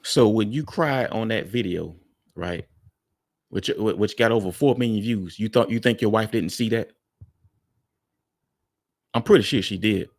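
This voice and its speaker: A man's voice: lowish voice, measured pace, vocal fry, long pauses, no echo, studio quality. A man hosting a reaction video, talking bluntly and frankly to his viewers in casual commentary.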